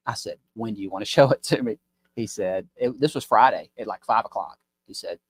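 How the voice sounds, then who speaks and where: A man's voice: on the low side, moderate pace, husky. A man, a business owner telling a rambling, folksy story as a podcast guest. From Mississippi. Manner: rambling, folksy, mimics voices in stories. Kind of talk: casual storytelling chat.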